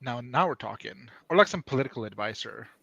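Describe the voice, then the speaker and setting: A man's voice: medium pitch, animated, fast, vocal fry, a bit bright, dull audio. A man co-hosting a casual writing stream, joking playfully about fantasy novel ideas. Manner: quippy, playful, jokes about himself. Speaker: streamer co-host.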